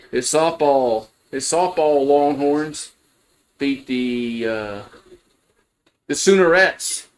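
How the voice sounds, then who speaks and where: A man giving casual, rambling play-by-play of a college baseball game on a livestream, full of fillers and restarts. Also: mid-range voice. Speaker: fan play-by-play host.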